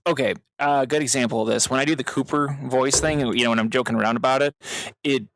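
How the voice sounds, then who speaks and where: A man co-hosting a podcast in casual chat, excitable, laughing often and slipping into quick voice impressions. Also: medium pitch, no echo. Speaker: podcast co-host.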